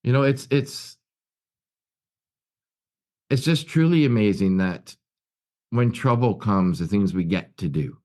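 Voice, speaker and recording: A man's voice: fairly low pitch, expressive, slow, pauses often, a little mellow. A man giving an earnest personal recovery share at a meeting, telling stories with many restarts and repeated words. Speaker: guest speaker at a recovery meeting. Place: his office at work.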